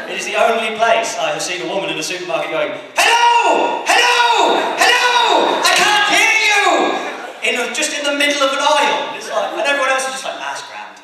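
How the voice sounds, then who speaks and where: A young English man doing a crude, rambling stand-up comedy set on a convention stage, mocking himself and shouting to the crowd. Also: fairly high pitch. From England. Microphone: distant camera. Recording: echoey hall, taped from far off, noisy. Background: audience laughter.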